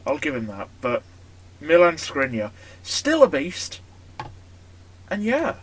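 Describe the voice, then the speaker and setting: A man giving casual, chatty commentary over a football management game. He bursts into excited shouting at big moments. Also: high-pitched. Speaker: gaming YouTuber.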